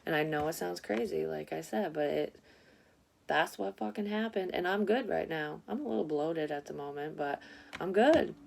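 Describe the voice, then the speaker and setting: A woman's voice: deep voice, lively intonation, normal speed, creaky, a little mellow, slight background noise. A woman psychic reading tarot cards in a casual vlog, talking bluntly and rambling with a lot of swearing.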